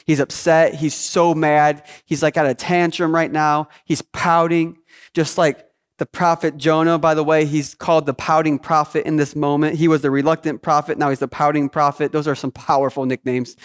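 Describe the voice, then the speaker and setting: High-voiced, energetic male pastor preaching. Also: moderate pace, smooth. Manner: energetic, emphatic preaching with rhetorical questions. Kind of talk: sermon.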